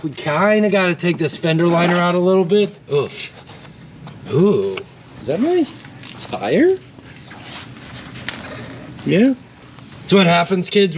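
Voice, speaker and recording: A man's voice: a little high, fairly bright tone, slight background noise, rough recording. A man hosting a casual DIY car repair walkthrough. He is laid-back, swears now and then, and explains each step.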